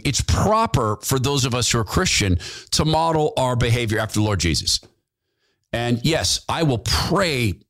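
Fervent male podcast host, lively pitch. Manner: fervent, repetitive, preachy. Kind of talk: impassioned political commentary.

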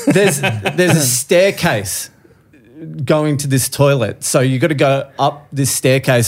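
A man, a comedian guest telling a profane story on a podcast and laughing through it. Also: medium pitch.

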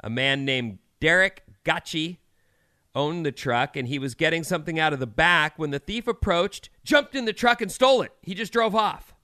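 A man's voice: on the high side, lively intonation, moderate pace, sharp tone, no room sound, clean studio sound. A man in his thirties co-hosting a morning radio show, reading odd news stories with wry asides.

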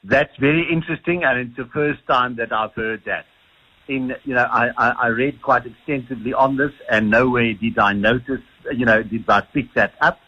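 South African man, husky voice, muffled lo-fi line, halting, repeats himself. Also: medium pitch, bright, forceful tone. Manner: hesitant, repeats words often. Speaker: sleep doctor guest. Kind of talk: radio phone-in interview.

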